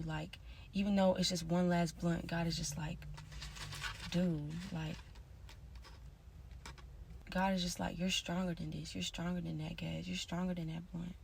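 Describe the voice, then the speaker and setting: A woman talking in a casual confessional monologue, rambling and slangy with constant fillers, drifting between soft mutters and louder bursts. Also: lowish voice, level tone, normal speed, vocal fry, long pauses, slight background noise. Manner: rambling, slangy, many "like" and "you feel me". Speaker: vlogger.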